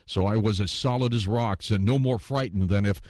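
A man narrating a ghost story as an audiobook, reading in an expressive storytelling manner. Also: fairly low pitch, moderate pace, no room sound, studio quality.

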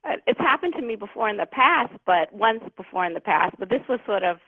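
A woman's voice: mid-range voice, expressive, brisk. A woman calling into a radio show, chatty and hesitant, with frequent ums. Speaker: radio caller. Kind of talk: casual phone-in chat. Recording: tinny phone line.

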